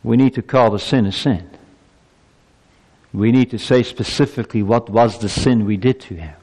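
A man preaching a sermon to his congregation. He builds to emphatic peaks, then drops low and slow. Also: darkish tone, long reverb tail. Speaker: pastor.

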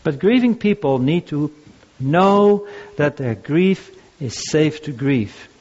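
A man's voice: a little high, lively intonation, slow, a little mellow. Older male pastor, lo-fi sermon. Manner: conversational, anecdotal, with frequent restarts. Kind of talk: sermon on grief and listening. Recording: dull lo-fi recording.

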